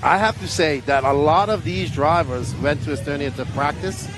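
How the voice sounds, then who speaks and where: A man's voice: fairly high pitch, normal speed, background noise. A man commenting on a race stream in an easygoing, plain-spoken way. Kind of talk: casual commentary. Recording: music playing under the voices.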